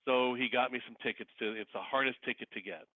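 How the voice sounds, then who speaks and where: A man with a mid-range voice tells stories quickly over a tinny phone line, his recording dry. He's a guest in a casual interview, a wedding officiant and celebrity impersonator, and he narrates with lively energy, acting out the voices he quotes.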